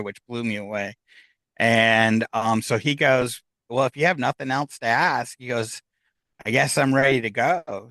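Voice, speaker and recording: A man's voice: mid-range voice, a bit bright, no room sound. A man telling a personal story in casual conversation, acting out the voices of the people in it. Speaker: guest.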